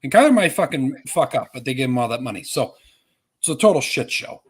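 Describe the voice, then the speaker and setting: A man's voice: mid-range voice, big pitch swings, fairly quick, breathy edge. A man co-hosting a sports podcast in casual chat, cursing freely and rambling with restarts. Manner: profane, rambling, with filler-heavy restarts. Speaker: podcast co-host.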